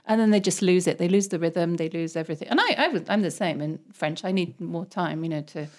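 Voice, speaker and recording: A woman's voice: lowish voice, quick pace, a little mellow. A middle-aged woman from England with an English accent, a teacher chatting as a podcast guest and mimicking other people's voices. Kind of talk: casual conversation.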